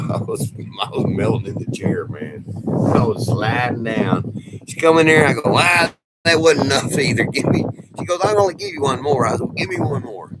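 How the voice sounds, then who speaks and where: Man, livestream host; low voice, lively up-and-down delivery, rambling and folksy. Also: background noise. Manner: rambling, folksy, laughing often. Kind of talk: casual storytelling livestream. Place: off-grid home.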